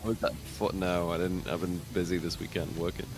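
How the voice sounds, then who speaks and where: Laid-back British man, low voice. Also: fairly even intonation, fairly quick, noisy background. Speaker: co-op game guest. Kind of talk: casual chat while gaming.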